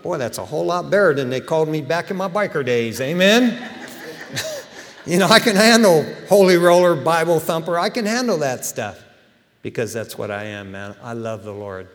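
A middle-aged man preaching a sermon in a casual, animated storytelling way, acting out quotes. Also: a little high, moderate pace, long reverb tail. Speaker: pastor.

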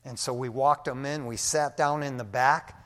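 An older man preaching a sermon, telling a testimony in an animated, folksy way and often dropping "man" into his sentences. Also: mid-range voice, normal speed. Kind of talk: storytelling sermon. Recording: long hall reverb.

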